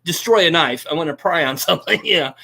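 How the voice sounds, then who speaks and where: A man's voice: on the high side, expressive, fast talker, gravelly, sharp tone. A man chatting casually as a guest on a live stream, stumbling over his words and laughing easily. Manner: stammering restarts, laughs easily.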